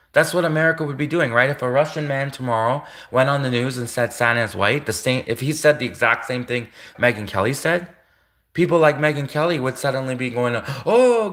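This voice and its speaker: A man holds forth in an emphatic opinion rant, hammering the same points over and over. His voice sits at an ordinary middle pitch for a man. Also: a bit bright. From Canada. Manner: emphatic, repetitive. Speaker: online commentator.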